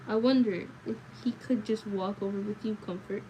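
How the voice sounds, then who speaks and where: Teary soft-spoken auntie, gentle pleading, mellow tone, woman reading. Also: medium pitch, steady tone, normal speed, a little hiss or hum, lightly acted, rough recording. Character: tearful, gentle older Southern aunt.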